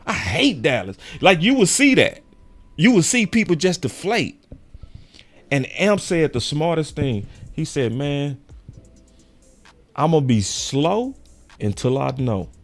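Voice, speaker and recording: A young man hosting a sports show in casual, animated chat, full of slang and quick laughs. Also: a little high, faint music behind. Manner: animated, slangy, laughs often, quotes fans in raised voice.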